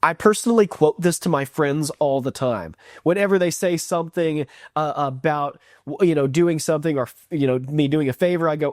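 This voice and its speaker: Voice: medium pitch, a little fast, hardly any pauses, darkish tone, dry recording, clean studio sound. A reviewer in a casual video review who talks enthusiastically, rambles and acts out quotes.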